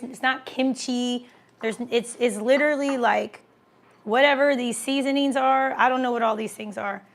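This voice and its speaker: A woman hosting a casual livestream, chatting as she answers viewer comments and eats. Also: a little high. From American Midwest. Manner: chatty, reads comments aloud, talks while eating.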